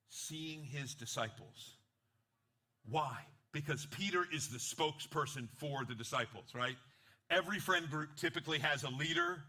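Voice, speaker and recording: A man pastor preaching a sermon with an animated style, acting out quotes and joking with the congregation, swinging between quiet asides and loud bursts. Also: medium pitch.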